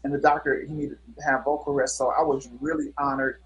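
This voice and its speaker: A man's voice: mid-range voice, little pitch movement, brisk, dull audio. A middle-aged man, a guest musician, telling stories in a casual interview with an earnest manner and many fillers.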